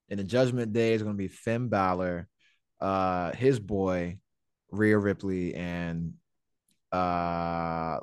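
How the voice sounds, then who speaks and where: A man's voice: low-pitched, a little mellow, clean tone, dry recording. Male podcast host, loose joking delivery with swearing, dry recording. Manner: profane, rambling, joking. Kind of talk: casual wrestling chat.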